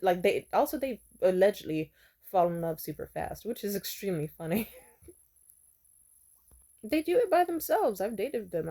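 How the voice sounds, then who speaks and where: A woman's voice: on the low side, dark tone. A young woman telling candid stories in a vlog, frank and profane, and she slips into mocking voices to quote people. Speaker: vlogger. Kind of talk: candid storytelling monologue.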